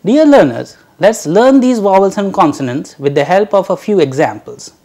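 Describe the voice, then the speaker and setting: A language teacher giving a recorded lecture, drawing out each letter sound slowly and carefully for learners to repeat. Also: medium pitch, lively intonation, dark tone.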